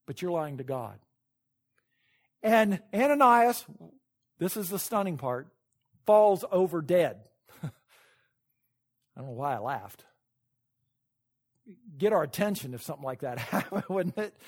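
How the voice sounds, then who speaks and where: A male pastor preaching a sermon in a church, retelling a story with sudden loud peaks, hushed asides and laughs at his own points. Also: high voice.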